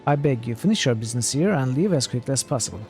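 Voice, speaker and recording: A man voicing a stuffy male doorman at a gentlemen's club, speaking formally and apologetically. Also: mid-range voice, expressive, rapid-fire, over music, close to an everyday voice. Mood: stiffly polite.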